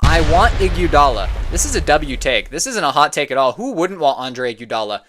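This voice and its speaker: A man's voice: on the high side, big pitch swings, fairly quick, a bit bright, slight background noise. A man giving casual reaction commentary on sports opinions, opinionated and prone to getting heated and exasperated. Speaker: sports content creator.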